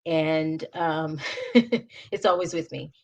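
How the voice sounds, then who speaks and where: A middle-aged woman talking through her phone on a live stream, chatty and rambling. Her voice sits a little low and lifts with bursts of laughter as she greets the viewers. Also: slow. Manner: chatty, rambling, frequent restarts. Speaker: author hosting a live stream. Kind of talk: casual live-stream chat.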